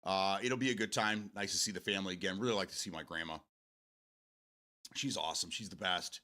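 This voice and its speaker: Talking a little fast, this man hosts a live stream in a low voice that sounds pushed and bright. His chat with viewers is loose and casual, full of free swearing and drifting tangents.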